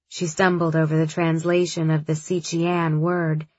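Woman, audiobook narrator, measured delivery, husky voice, dry, dull recording. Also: low voice, level tone, a little mellow, dry recording. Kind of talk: first-person audiobook narration.

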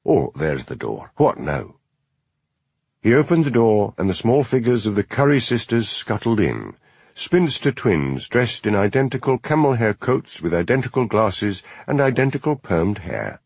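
A man narrating an audiobook in a measured, expressive reading. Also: mid-range voice, breathy edge, dry recording. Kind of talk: scripted narration.

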